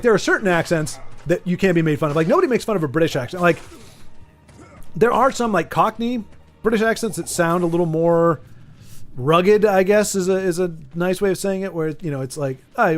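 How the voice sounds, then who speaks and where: American male streamer, high voice, chatty and rambling, faint music bed. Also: fast talker. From United States. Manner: rambling, chatty, lots of restarts, reads chat aloud. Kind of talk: casual chat while gaming.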